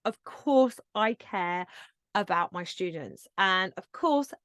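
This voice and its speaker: A woman's voice: medium pitch, animated, slow, fairly bright tone, smooth, no room sound, clean studio sound. A woman hosting her own podcast, talking casually and earnestly as she coaches listeners with encouragement and plenty of fillers. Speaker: podcast host and yoga business coach. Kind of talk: casual solo podcast talk.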